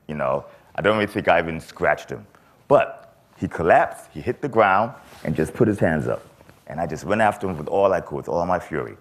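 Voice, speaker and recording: Very deep-voiced man telling a story. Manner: animated storyteller acting out quoted voices. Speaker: conference speaker. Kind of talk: storytelling talk. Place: convention stage.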